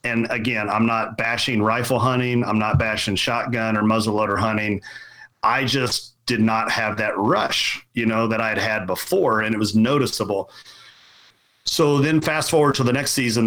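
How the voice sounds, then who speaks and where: A man's voice: lowish voice, moderate pace, fairly bright tone, rough recording. A middle-aged man telling a casual, rambling story, restarting and repeating words as he goes. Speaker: podcast guest.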